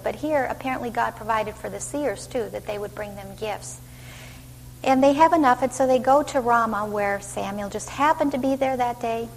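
A woman teaching a Bible study, lively and putting questions to her listeners. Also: fairly high pitch. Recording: reverberant hall with faint hum.

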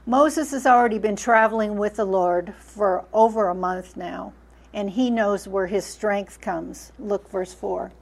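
A woman's voice: medium pitch, a little slow, gravelly. A woman teaching a Bible study lesson, often asking rhetorical questions and then answering them herself.

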